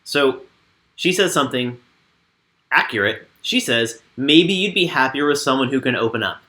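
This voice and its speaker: A man co-hosting a casual recap show with a bright, forward tone. He reads from his notes and adds dry asides in a relaxed, chatty way. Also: medium pitch, moderate pace. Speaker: co-host.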